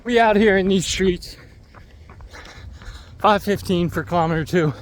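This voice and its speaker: Slight background noise accompanies a man whose voice sits high and whose pace is measured. He's a vlogger running through hot city streets, breathless as he chats and cracks jokes to the camera in his hand.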